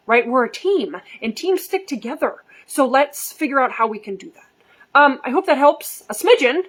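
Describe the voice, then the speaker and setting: Middle-aged woman, high voice, animated storytelling vlog, acts out voices. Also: moderate pace. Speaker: behavior coach. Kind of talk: casual storytelling to camera.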